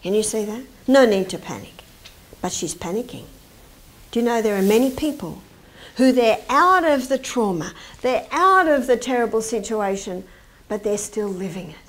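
A woman giving a lively health lecture, asking the audience questions and acting out quoted dialogue. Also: on the high side, moderate pace. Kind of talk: animated public lecture. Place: lecture hall.

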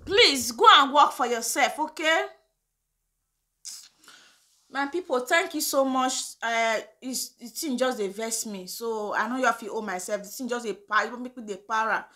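A woman with a Nigerian accent ranting on her own vlog, high-pitched and bright-toned. She talks with indignant passion and drifts between English and Pidgin as she makes her point. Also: moderate pace. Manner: impassioned, indignant, slips into Pidgin. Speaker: vlogger host. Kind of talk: casual opinion vlog rant.

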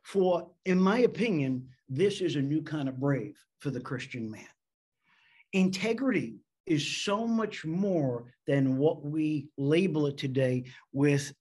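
A man from the United States preaching a sermon as a men's pastor, animated, slowing down to stress key words. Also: fairly high pitch, slightly rough.

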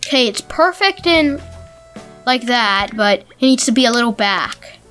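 A woman hosting a gameplay video, chatting excitably as she plays and calling out to the characters on screen. Her voice sits high in pitch, with faint game music running behind her. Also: a little slow. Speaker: let's play host. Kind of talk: casual gameplay commentary.

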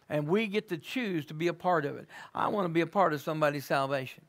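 A man preaching a sermon and praying in a church, swinging between hushed words and loud fervent exclamations. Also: a little high, quick pace, few pauses. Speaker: guest preacher. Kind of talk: sermon and closing prayer. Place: church sanctuary.

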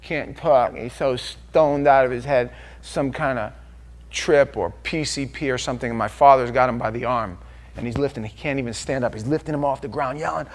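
A male pastor giving an impassioned sermon, swinging from hushed confession to loud emphasis. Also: mid-range voice, moderate pace.

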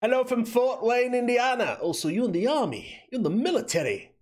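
A man's voice: very high voice, big pitch swings, brisk. A young man hosting a livestream, giving casual gameplay commentary and teasing his chat in a playful, joking way. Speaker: livestream host.

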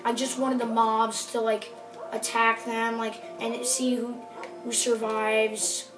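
Excitable woman narrating gameplay, roomy and distant. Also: on the high side, takes it slowly. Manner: rambling, excitable, apologetic. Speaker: gameplay video host. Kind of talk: casual game commentary. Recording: roomy sound from off the mic with music behind.

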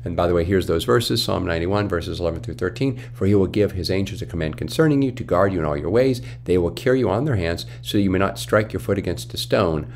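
A man's voice: low-pitched, fast talker, few pauses, darkish tone, a little hiss or hum. A man teaching from the Bible, reading scripture aloud and then explaining it with emphatic questions. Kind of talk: Bible study commentary.

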